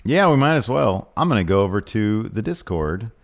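This gravelly, lowish-voiced man from the American South co-hosts a wrestling podcast, chatting casually at a normal speed with a sing-song lilt. He reads previews in a hammy announcer voice.

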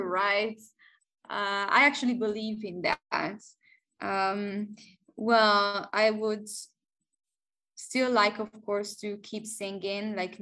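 Woman, young adult, podcast guest, slow pace, hesitant, fillers, middle pitch. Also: a bit bright, poor audio. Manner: hesitant, searching for words, laughs often. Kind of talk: casual interview chat.

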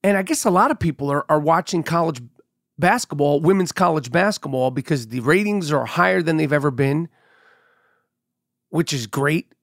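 A middle-aged man hosting a podcast, telling stories in an animated, profane way while sounding a bit sick and congested. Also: fairly high pitch, moderate pace, no echo, clean studio sound. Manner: animated storyteller, swears freely. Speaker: podcast host. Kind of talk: casual monologue.

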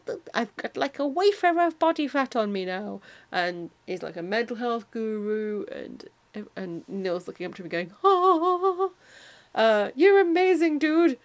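A woman hosting a podcast in a casual, self-deprecating monologue, talking animatedly and slipping into quoted film lines. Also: mid-range voice. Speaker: podcast host.

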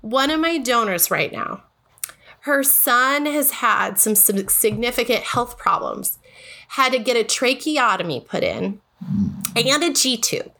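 An American woman in her thirties speaks as a podcast guest, her voice sitting a bit high and sounding bright and forward. She talks with earnest feeling, circling back and restarting her thoughts. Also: expressive, unhurried. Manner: emotional, earnest, full of restarts. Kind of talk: casual podcast conversation.

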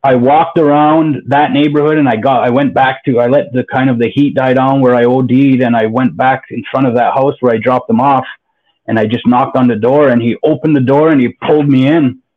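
A man's voice: mid-range voice, fairly even intonation, a little fast. A man telling his own story as a podcast guest, candid, blunt and profane, often rambling. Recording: phone-like narrow line.

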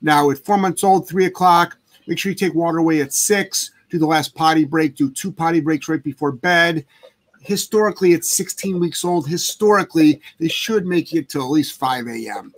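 A man's voice: a little high, moderate pace. A man hosting a casual live chat as a dog trainer, talking bluntly and emphatically with plenty of swearing. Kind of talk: casual livestream chat answering viewer questions.

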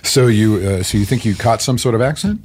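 A man's voice: lowish voice, a little fast, a little mellow, a little hiss or hum, close to an everyday voice. A man in an improv comedy scene playing a hesitant doctor who stumbles with ums. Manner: hesitant, many ums, breaks into laughter. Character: hesitant male accent doctor.

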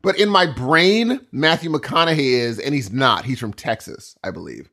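A man's voice: mid-range voice, moderate pace. A man co-hosting a podcast in casual chat, telling stories and breaking into silly voices. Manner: animated storyteller who jumps into silly voices. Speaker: podcast co-host.

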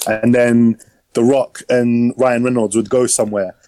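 Man, podcast host, rambling casual film chat, mellow voice, dry close sound. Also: mid-range voice, little pitch movement, a little slow, no room sound, low-quality recording. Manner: rambling, slangy, lots of fillers.

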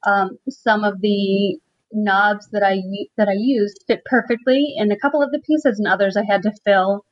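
A woman's voice: mid-range voice, steady tone, moderate pace. Chatty woman with a slightly dull sound. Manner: chatty, laughs often, many "um"s and restarts. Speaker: furniture refinisher, contest winner. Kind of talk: casual interview chat.

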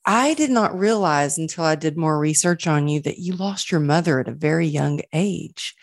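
A woman host interviewing a guest in a chatty, enthusiastic way, often talking quickly. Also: sits low, no room sound, studio quality. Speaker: podcast host. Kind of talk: casual interview chat.

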